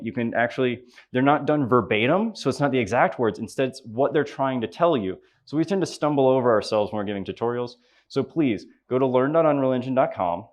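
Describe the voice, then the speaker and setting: A man with a Southern US accent giving a live conference tutorial, upbeat and chatty, joking with the audience as he runs a software demo. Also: medium pitch. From Southern United States. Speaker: conference presenter.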